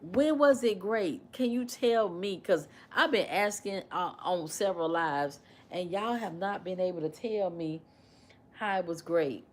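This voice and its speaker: A woman hosting a casual livestream, animated and repetitive as she questions and mimics her commenters. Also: lowish voice, a little slow. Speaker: livestream host.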